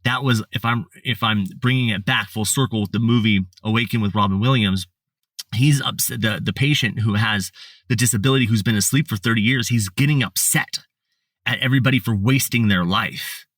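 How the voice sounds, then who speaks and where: Podcast guest, male, low voice, casual rambling storyteller full of fillers; dry, slightly off-mic sound. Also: brisk, fairly bright tone, dry recording, far from the mic. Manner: rambling, many fillers and restarts.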